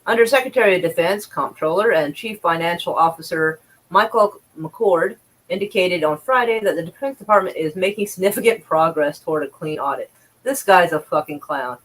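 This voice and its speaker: A woman's voice: on the low side, a little fast, poor audio. Sarcastic, profane woman commenting on news. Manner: sarcastic, profane, exasperated sighs. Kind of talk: casual news commentary, reading aloud.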